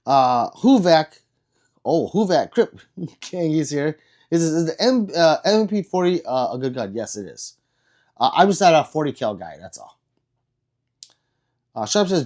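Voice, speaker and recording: A man's voice: a little high, big pitch swings, normal speed, pauses often, darkish tone. A man hosting a casual livestream, reading viewer comments in a rambling, self-deprecating way with frequent restarts. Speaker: livestream host.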